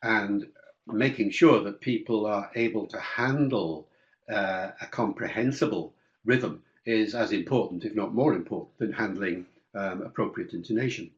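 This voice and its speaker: Speaking at normal speed in a lowish voice, an older guest linguist takes listener questions on a webinar. He explains at length, wandering into asides and using fillers, and the audio is dull and lo-fi.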